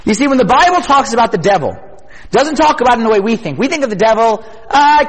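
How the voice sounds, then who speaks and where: A man giving an energetic youth sermon at a retreat, talking casually and often asking his listeners questions. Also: very high voice, in a large hall, rough recording. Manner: energetic, conversational, asks the audience questions.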